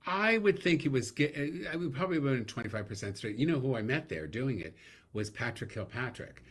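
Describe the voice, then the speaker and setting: A man's voice: mid-range voice, fairly quick, husky. A man who is a comedian, a guest on a podcast, chatting casually and jumping into comic impressions. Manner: lively, breaks into comic impressions.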